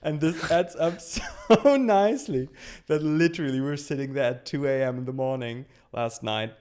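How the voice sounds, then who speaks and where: A man hosting a casual chat, rambling and halting with frequent restarts and laughing often. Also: on the high side, a little mellow. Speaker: show host.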